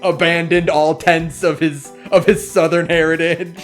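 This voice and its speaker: A man's voice: on the high side, level tone, moderate pace. A man co-hosting a casual gaming stream, rambling and restarting his thoughts. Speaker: co-host. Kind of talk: casual chat while gaming. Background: faint game music.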